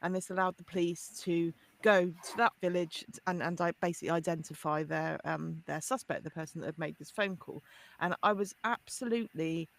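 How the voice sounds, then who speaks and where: A middle-aged woman, a forensic linguist, telling an animated story as a podcast guest with frequent laughs and restarts. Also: lowish voice, fairly quick, vocal fry. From United Kingdom. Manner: lively, laughs often, many restarts.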